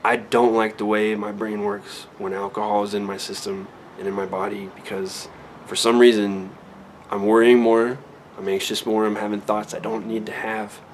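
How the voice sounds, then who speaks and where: A man's voice: lowish voice, level tone, normal speed, a little hiss or hum. A man in his thirties talking candidly in a personal vlog at home, reflective and rambling, with many restarts and fillers. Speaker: vlogger. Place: a room at home.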